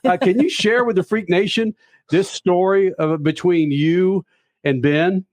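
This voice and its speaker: A man's voice: high-pitched, a little slow, darkish tone. A male talk show host asking a guest questions in a polished broadcast manner.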